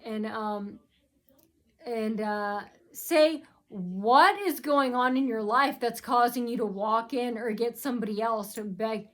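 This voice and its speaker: A woman with a fairly high voice talks straight to her vlog audience. She rambles and circles back to the same complaints again and again. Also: slow, a bit bright. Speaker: vlogger.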